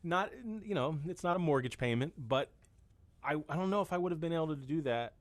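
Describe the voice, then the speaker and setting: A man's voice: a little high, fairly quick, dry recording. A man in his fifties chatting as a musician guest, rambling and self-deprecating, with many restarts. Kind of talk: casual chat.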